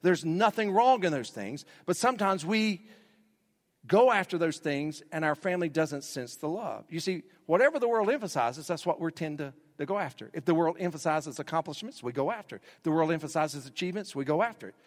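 Guy preaching a sermon, kinda high voice, long echo off the hall. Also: lively intonation, fairly quick. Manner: preaching with rising emphasis and repetition. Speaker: pastor.

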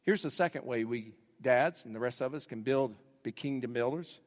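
A male pastor with a mid-range voice delivers a sermon at a moderate pace, using repeated phrases to build rising emphasis. A long hall reverb fills the recording.

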